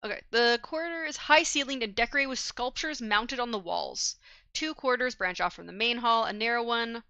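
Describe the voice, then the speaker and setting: A woman's voice: a little high, brisk, pushed and bright, no room sound, muffled recording. A woman narrating as dungeon master, describing scenes with many fillers and hums as she checks her notes. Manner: hesitant, filler-heavy description, hums while looking up notes. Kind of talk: narrating a tabletop game.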